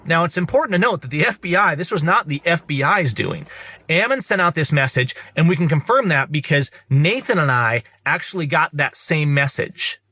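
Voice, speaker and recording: A man's voice: fairly high pitch, expressive, normal speed, sharp tone, breathy edge, no echo. A man hosting an online show, giving emphatic, indignant political commentary to his viewers.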